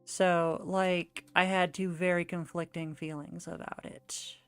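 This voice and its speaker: A woman's voice: on the low side, little pitch movement, measured pace, smooth, faint music behind. A young woman streaming while she draws, telling a rambling story in casual chat full of "like" fillers. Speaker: art streamer.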